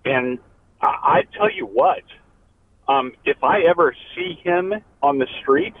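A man's voice: mid-range voice, slow pace. A man calling in to a radio show, passionate and emphatic. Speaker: caller. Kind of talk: phone call-in. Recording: tinny phone line with faint noise.

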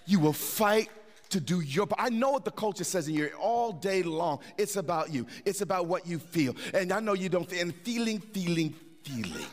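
A high-pitched male voice at normal speed belongs to a middle-aged pastor giving a sermon in a church sanctuary. The delivery is conversational, with repetitions and restarts, and the hall reverb lingers long.

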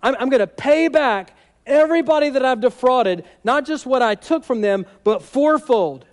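Male pastor as a high-voiced repentant cheat, eager and rushed. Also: expressive, big-room sound. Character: excited man turning from swindler to giver.

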